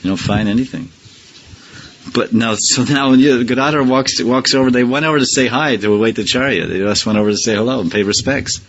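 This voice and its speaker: A man's voice: mid-range voice, fairly quick, a little hiss or hum. A man teaching a scripture class in a loose, conversational way, firing rhetorical questions at his listeners and chuckling now and then. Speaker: spiritual teacher.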